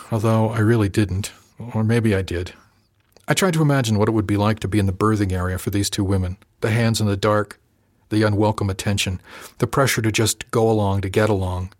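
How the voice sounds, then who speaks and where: This audiobook narrator is a man with a low voice, relating a first-person story with an even, wry storytelling manner. The sound is dry, closely recorded, and without any room around him.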